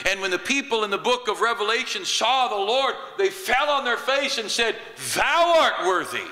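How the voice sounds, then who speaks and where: A middle-aged man, a pastor, preaching a sermon in a church, shifting between loud exclamations and quiet asides. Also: very high voice, normal speed. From United States. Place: church sanctuary. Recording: church hall reverb.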